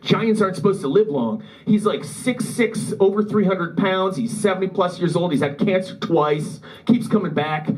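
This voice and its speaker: A man's voice: high-pitched, moderate pace, hardly any pauses, low-quality recording. A man performing a stand-up comedy set in a club, telling rambling, self-deprecating stories with a Midwest American accent. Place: comedy club with a live audience. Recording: live club recording with crowd. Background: audience laughter.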